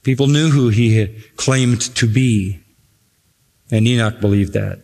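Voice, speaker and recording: A man preaching a sermon, emphatic, repeating key phrases with slow, deliberate stress. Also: mid-range voice, gravelly, a little mellow. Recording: long hall reverb.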